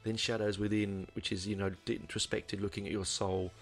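A man's voice: fairly low pitch, little pitch movement, fairly quick. A man giving a casual album review, rambling and hesitant, with lots of ums and restarts. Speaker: music reviewer.

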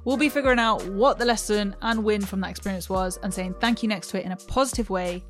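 A woman's voice: mid-range voice, quick pace, soft background music. Wry, teasing young woman. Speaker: podcast co-host. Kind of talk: casual chat.

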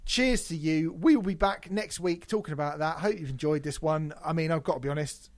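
A man's voice: on the high side, a little fast. A man co-hosting a casual podcast, swearing freely and mocking himself with frequent laughter. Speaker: podcast co-host.

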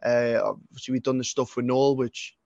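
A man's voice: medium pitch, little pitch movement, normal speed, creaky, a little mellow, dry recording, lo-fi sound. A man in his twenties with a Geordie accent, a singer-songwriter chatting as a guest in a rambling, sweary way. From North East England. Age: 20s. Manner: sweary, rambling, frequent restarts. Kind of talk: casual interview chat.

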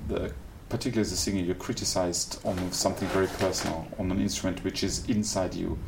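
Guest: German-accented man, very low gravelly voice, measured and reflective, light background hiss. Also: steady tone. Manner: thoughtful, searching for words with small restarts. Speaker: classical singer, guest. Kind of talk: reflective interview conversation. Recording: faint background noise.

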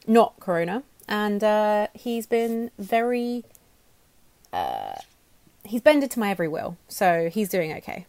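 A woman's voice: mid-range voice, very animated, unhurried, darkish tone, no room sound. A woman co-hosting a podcast, bantering casually with dry humour. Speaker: podcast co-host.

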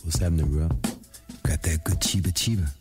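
A woman doing a deep drawling stoner dude. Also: steady tone, a little fast, over loud music. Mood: mellow. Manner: drawling, repeats himself. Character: laid-back male stoner dude.

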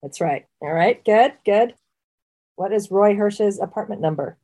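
A woman's voice: medium pitch, animated, a little slow, mellow. A woman co-hosting a casual podcast chat, talking freely and often restarting her sentences. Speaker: podcast co-host. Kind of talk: casual chat and trivia quizzing.

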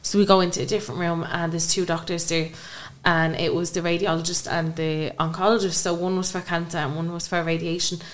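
A woman's voice: fairly low pitch, level tone, a little fast, few pauses. A young woman, a podcast guest, earnestly telling a personal story and acting out remembered dialogue.

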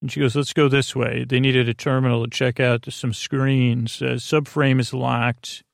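A man with a gravelly, creaky voice drifts through a bedtime recap of a TV episode, stopping often on fillers and half-finished phrases. He speaks in a flat, even tone with little rise or fall, recorded close and dry with no room sound. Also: medium pitch, dry recording. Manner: meandering, halting, full of fillers. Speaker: podcast host.

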